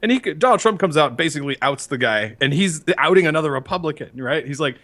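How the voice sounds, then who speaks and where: A man talks on a podcast with an animated, swooping pitch and a bright, forward tone. His speech rambles and swears, and he drops in quick impressions of other people. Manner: rambling, profane, mimics people. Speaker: podcast co-host. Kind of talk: casual chat.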